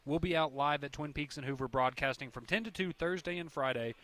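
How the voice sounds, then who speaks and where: A man hosting a radio talk show, relaxed and agreeable. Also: fairly high pitch, a little fast. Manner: relaxed, agreeable, reads promos. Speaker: radio host. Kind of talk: casual sports radio chat.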